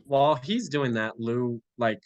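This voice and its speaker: A young man chatting as a player in a tabletop game, asking quick, casual questions. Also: mid-range voice, no room sound, highs cut off.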